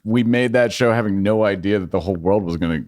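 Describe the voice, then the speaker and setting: A man's voice: on the low side, quick pace, a little mellow, dry recording, clean studio sound. A man speaking as a guest in a casual podcast chat, giving short, agreeing replies. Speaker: guest filmmaker.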